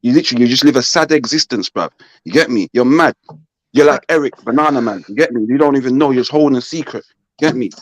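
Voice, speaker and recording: A man's voice: medium pitch, fast, no echo. A man on an online panel, taunting and trash-talking in heavy slang. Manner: British slang, brash and taunting.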